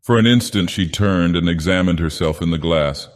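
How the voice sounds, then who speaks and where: A man narrating a story in a slow, grave, theatrical villain persona. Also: sits low. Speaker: audiobook narrator. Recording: long hall reverb.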